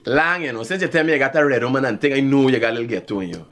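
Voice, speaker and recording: Talking very fast in a mid-range voice, a man with a Guyanese accent hosts a live talk show. He tells casual stories in an animated way, with frequent laughter.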